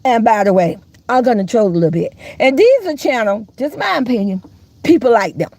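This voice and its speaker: A woman's voice: animated, normal speed, darkish tone. A woman hosting a casual live stream, sassy and teasing, calling listeners baby and honey and laughing often. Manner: laughs often, jumps into high squeals. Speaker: host of a live gossip channel.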